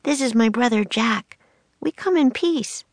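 A woman doing a chirpy, high young girl. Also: lively intonation, a little slow, no echo. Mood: eager. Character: eager bubbly young girl.

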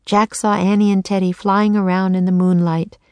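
A woman narrating a children's chapter book in a clear, measured storytelling manner. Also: mid-range voice, flat delivery, no room sound. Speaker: audiobook narrator. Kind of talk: children's audiobook reading.

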